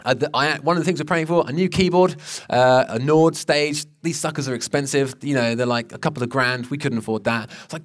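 A man's voice: a little high, expressive, fairly quick. Earnest man preaching a personal story. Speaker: pastor. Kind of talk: sermon.

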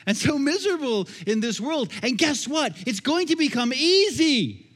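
A man's voice: very high-pitched, very animated, normal speed, a bit bright. A man preaching a sermon as pastor, in a conversational style with repeated phrases, recorded in a church sanctuary. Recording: long echoey hall reverb.

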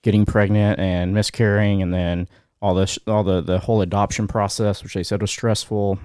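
A man co-hosting a podcast, reading out a news story in a casual, halting way, often pausing with fillers and getting choked up. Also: on the low side, level tone, a little mellow, smooth, no room sound, studio quality. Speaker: podcast co-host.

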